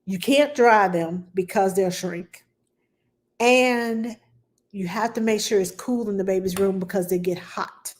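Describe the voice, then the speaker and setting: A woman at middle pitch, speaking as a nanny taking viewer questions about babies. She is casual and reassuring, stressing points with a run of "yes." She acts out baby sounds and her own quoted lines with lively energy. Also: measured pace. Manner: reassuring, repeats "yes" for emphasis. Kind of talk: casual Q&A talk.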